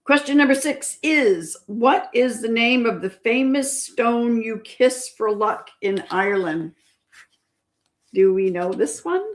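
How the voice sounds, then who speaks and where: A little high and slow, this woman's voice guides a casual trivia livestream where she patiently restates each question and reads her viewers' responses aloud.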